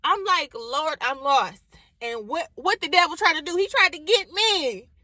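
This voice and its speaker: A woman's voice: sits high, animated, measured pace, bright, forceful tone, dry recording, poor audio. A young woman, telling her personal faith story in casual, emphatic talk and calling her viewers y'all. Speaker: vlogger and book recommender. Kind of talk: casual faith testimony to camera.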